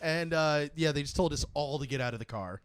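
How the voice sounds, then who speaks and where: A young man tells an anecdote in loose podcast chat, often breaking into laughter. His voice sits a bit high. The sound is dry and close to the mic. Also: a little fast, clear, resonant tone, dry recording. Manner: animated storyteller, laughing through anecdotes.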